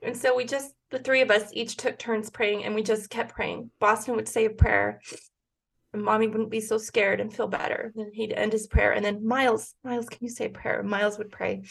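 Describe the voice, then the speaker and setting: A woman's voice: medium pitch, little pitch movement, normal speed, vocal fry. A woman in her forties telling a personal story as a podcast guest, earnest and emotional, with frequent restarts. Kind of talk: casual conversation.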